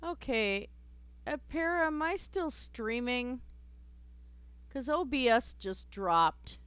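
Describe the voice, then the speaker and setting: Casting: chatty, giggly woman streamer, slow-paced, dry lo-fi home mic. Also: on the high side, animated, a bit bright, clear, resonant tone, no echo. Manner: chatty, giggly, trails off into fillers. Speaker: let's play streamer. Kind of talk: casual gameplay commentary.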